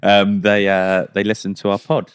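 A young man chats bluntly and easily on a podcast he co-hosts. His voice sits fairly low, and the recording is dry and close. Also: monotone, normal speed, clean tone, no room sound. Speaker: podcast co-host. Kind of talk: casual banter.

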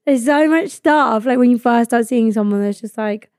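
A woman's voice: on the high side, a little mellow, no room sound, clean studio sound. A young woman, hosting a podcast in blunt, sweary casual chat full of "like". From England. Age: 20s. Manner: blunt, sweary, laughing, lots of "like". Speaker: podcast host.

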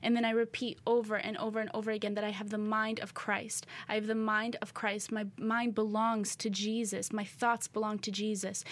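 A woman co-hosting a faith podcast, talking in an earnest, animated way about prayer and her own struggles. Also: fairly high pitch. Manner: animated, earnest, quick to rebuke and laugh. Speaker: podcast co-host. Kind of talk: faith-based casual chat.

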